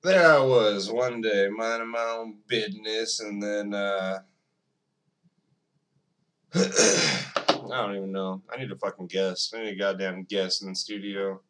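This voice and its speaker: A man's voice: on the low side, steady tone, unhurried, fairly bright tone. A man hosting his own podcast, rambling alone in a profane, self-mocking casual monologue. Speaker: podcast host.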